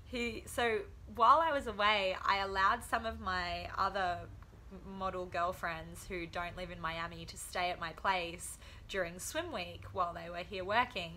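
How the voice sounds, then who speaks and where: A woman's voice: mid-range voice, normal speed, pushed and bright, slight background noise. A young woman telling funny stories in a casual vlog, laughing often and acting out quotes. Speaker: vlogger, professional boxer.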